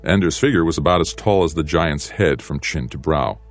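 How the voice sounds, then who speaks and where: A man narrating an audiobook in a measured, steady storytelling manner. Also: a bass voice, soft background music.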